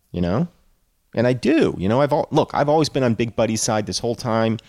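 A man's voice: medium pitch, expressive, brisk, a little mellow, dry recording, studio quality. A man giving casual, sarcastic commentary with slangy asides between readings from a classic novel. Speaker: book reader and commentator.

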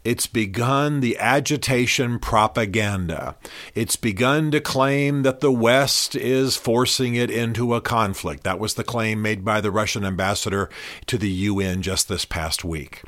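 An American man runs his own solo podcast, talking through current events bluntly and conversationally, full of opinions and fillers. His voice is fairly low and a bit bright, his pace unhurried, with no room sound on the recording.

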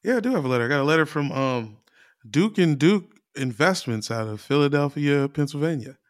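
A man co-hosting a comedy sports podcast who throws in dry one-liners. His voice is a little high. The sound is close and dry. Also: expressive, a little fast, no room sound. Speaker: podcast co-host.

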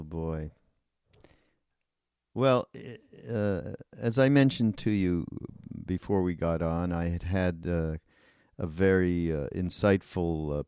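An older man hosting a podcast in casual conversation, hesitant with many filler pauses. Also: sits low, dark tone, clean tone, no room sound, studio quality. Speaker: podcast host.

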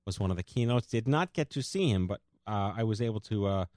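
A man's voice: lowish voice, expressive, brisk, darkish tone, no room sound, studio quality. A man hosting a podcast, chatty and joking, sometimes tripping over his words. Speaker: podcast host. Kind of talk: casual chat.

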